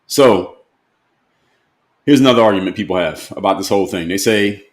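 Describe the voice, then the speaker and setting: A man's voice: low voice, animated, normal speed, pauses often. A man delivering a blunt, emphatic opinion monologue as a motivational speaker, lecturing his audience directly.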